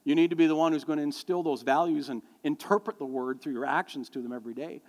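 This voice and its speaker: Pastor preaching in a reverberant hall. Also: male voice, on the high side, fast. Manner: storytelling, animated, jokes with the congregation. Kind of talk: sermon. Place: church sanctuary.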